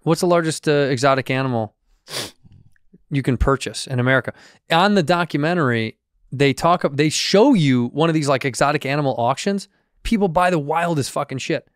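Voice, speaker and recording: Eager man co-hosting with quick interjections. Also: fairly high pitch, dry recording, studio quality. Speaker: podcast co-host. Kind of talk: casual chat.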